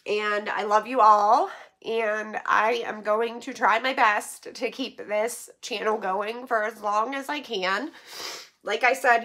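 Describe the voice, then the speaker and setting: Bright-voiced woman vlogger, tearfully grateful. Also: mid-range voice. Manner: emotional, near tears, laughing through it; chatty, lots of fillers like "like" and "um". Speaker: vlogger opening donations. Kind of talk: casual vlog chat.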